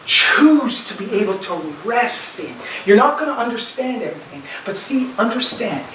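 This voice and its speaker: A man preaching a sermon as pastor, urging his listeners emphatically and swinging between loud pleading and quiet assurance. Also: very high-pitched, very animated, normal speed, a little hiss or hum. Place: church sanctuary. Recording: echoey church from far off.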